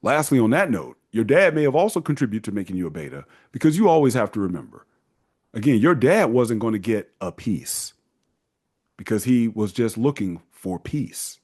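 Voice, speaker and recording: A man hosting a casual advice monologue, talking in an animated way and mocking the people he quotes. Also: mid-range voice, normal speed. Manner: animated, acts out quoted parents in mocking voices. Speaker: host giving men's advice.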